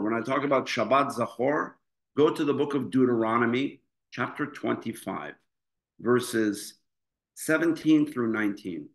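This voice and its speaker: A man's voice: mid-range voice, a bit bright. A man speaking as a rabbi, giving an earnest memorial Torah lesson with emphatic rhetorical questions. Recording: echoey room.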